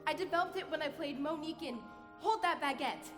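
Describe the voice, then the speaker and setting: A woman's voice: sits high, fairly quick, music in the background, natural voice. An actress playing a flustered young showgirl bride in a live stage musical, breathless and theatrical. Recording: echoey theater hall from afar.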